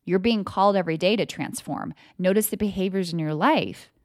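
A woman's voice: lowish voice, brisk, no echo, clean studio sound. A woman hosting a motivational podcast as an energy coach, talking casually and emphatically and swearing freely. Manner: emphatic, swings into loud mock voices. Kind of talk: motivational solo podcast talk.

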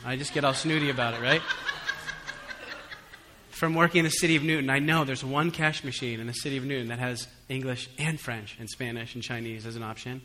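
A male pastor delivers a sermon with a bright, forward voice, drifting between relaxed, conversational storytelling and emphatic, raised appeals to the room. His words ring out with a long reverb tail from the church hall. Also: mid-range voice, fast. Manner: conversational preaching with humorous asides; swings between soft and emphatic.

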